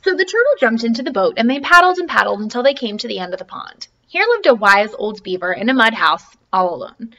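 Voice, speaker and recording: A woman teacher reading a storybook aloud to her class, animated and encouraging. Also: a little high, quick pace, few pauses.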